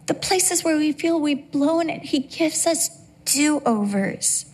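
A middle-aged woman gives a sermon in a high voice. She speaks earnestly and with feeling, telling a story from her own life. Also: lively intonation, takes it slowly, dark tone, breathy edge. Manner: emotional, earnest storytelling with acted quotes. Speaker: preacher.

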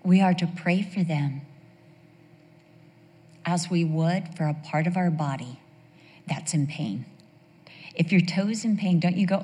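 A woman preaching a sermon, emphatic, slowing down on key phrases and breaking into playful asides. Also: on the low side, mellow, long reverb tail.

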